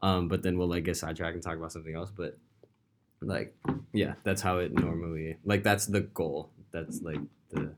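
A man's voice: low voice, normal speed, slight background noise. A young man hosting a casual podcast, talking loosely with lots of fillers. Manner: relaxed, filler-heavy, frequent "like". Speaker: podcast host. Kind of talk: casual chat.

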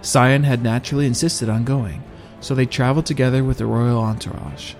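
Male storyteller, middle-pitched, steady and measured, with faint music underneath. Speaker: narrator. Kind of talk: first-person audiobook narration.

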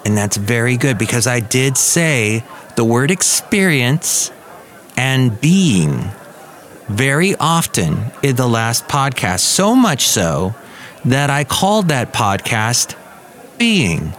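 A man's voice: medium pitch, very animated, takes it slowly, fairly bright tone. A man hosting his own podcast, chatting casually in a goofy, joking, rambling way. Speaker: podcast host. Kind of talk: casual solo podcast chat.

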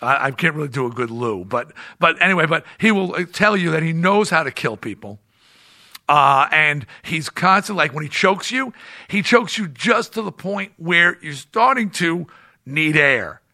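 A male podcast host spins a casual, animated story. His voice is bright and a touch high, and he restarts his sentences often as he rambles on. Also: moderate pace.

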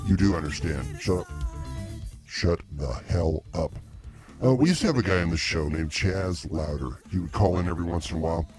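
Low-voiced man hosting a comedy show. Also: a little fast, music in the background. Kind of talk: casual comedic banter.

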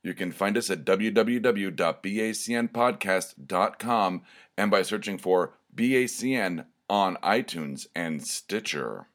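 Sarcasm drives this casual comedic rant from a man co-hosting a podcast, who gets worked up and swears along the way. His voice sits on the low side, with a fairly bright tone and a measured pace.

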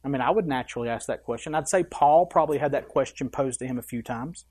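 A pastor preaches a sermon emphatically, reading scripture verses aloud and then pressing the point home. His mid-range voice is a little mellow with a breathy edge, and his punchy delivery is broken by quick offhand asides during the reading.

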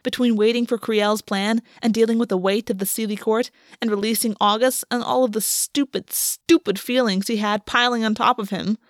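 A woman narrating a work of fiction in an audiobook reading, measured and slowing on the emotional beats. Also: a little high, steady tone, no room sound, studio quality.

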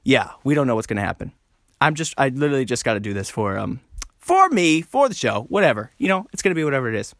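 A man hosting a solo podcast, rambling and joking at himself, talking fast and often jumping up high. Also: very animated, fairly bright tone, no room sound, clean studio sound. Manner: rambling, self-mocking, fast with sudden high jumps. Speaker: podcast host. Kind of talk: casual solo podcast chat.

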